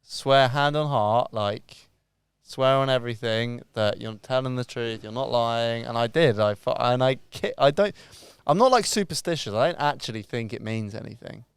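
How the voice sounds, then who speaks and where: A man's voice: medium pitch, normal speed, gravelly, clear, resonant tone, no room sound. A man co-hosting a podcast, telling a story in a sweary, self-mocking way. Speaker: podcast co-host. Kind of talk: casual chat.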